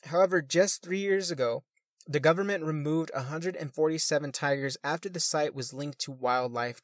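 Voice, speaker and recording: A man's voice: on the high side, no echo, studio quality. A man reading news articles aloud and adding crude, swearing comments between them, sometimes stumbling over words.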